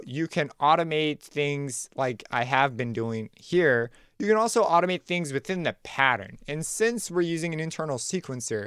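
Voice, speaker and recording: A man hosting a music production tutorial, talking casually and thinking aloud as he walks through a software workflow. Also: a little high, smooth, dry recording. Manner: relaxed, conversational, thinks aloud while clicking. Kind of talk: screen-recorded software tutorial.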